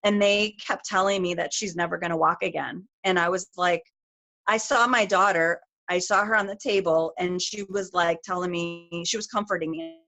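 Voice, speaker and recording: A middle-aged woman, appearing as a guest on a group call, tells a personal story quickly and emotionally, her sentences full of fillers and restarts. Her lowish voice stays steady in tone yet sounds pushed and bright.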